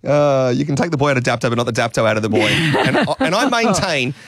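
A man's voice: medium pitch, expressive, fast, fairly bright tone, no echo. Australian man, thirties, rambling radio anecdote, laughs a lot, self-deprecating. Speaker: radio guest telling a story. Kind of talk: casual storytelling on radio.

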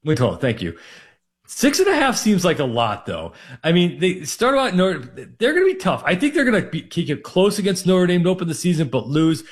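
A man's voice: high-pitched, huge pitch swings, fairly quick, husky. Minnesota guy on sports radio, rambly, tons of fillers, just running through football picks. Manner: rambling, heavy on fillers like "you know" and "like". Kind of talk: sports betting talk on air.

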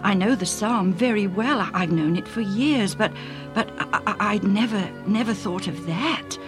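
A woman's voice: mid-range voice, normal speed, natural voice. A woman reading a story aloud, voicing a devout, emotional man who stammers and repeats his words. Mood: earnest. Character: earnest stammering adult man, a devout believer. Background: music.

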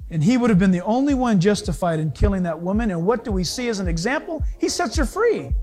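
A male pastor preaching a sermon, animated, acting out little dialogues as he goes. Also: high-pitched, quick pace, soft background music.

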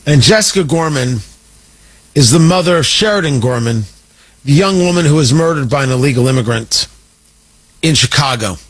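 A man's voice: medium pitch, lively intonation, normal speed, long pauses, slightly rough, low-quality recording. A man hosting an opinion show, talking in an indignant, combative, mocking way. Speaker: political commentator host. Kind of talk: opinion monologue.

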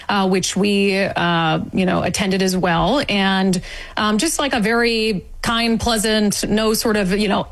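A woman guest recounting an event in an interview, indignant and animated, acting out quoted remarks. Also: mid-range voice, low-quality recording. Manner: indignant, storytelling with quoted asides. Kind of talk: animated eyewitness account.

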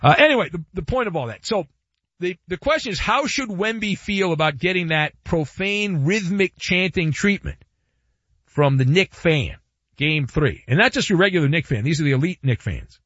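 A man's voice: high voice, lively intonation, normal speed, a bit bright, no echo. A man hosting a sports talk radio show, delivering a playful, wry monologue full of asides and repetition. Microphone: studio microphone. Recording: dry, slightly dull radio studio sound.

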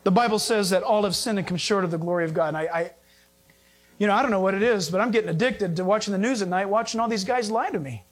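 A middle-aged male pastor preaching a sermon to a congregation, animated and exhorting, with rhetorical questions and jokes. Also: high-pitched, quick pace, soft background music.

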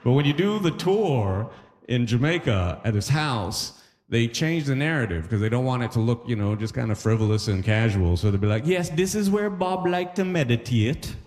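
Animated stand-up comedian man, live hall. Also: medium pitch, moderate pace. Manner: animated, conversational, with acted-out voices.

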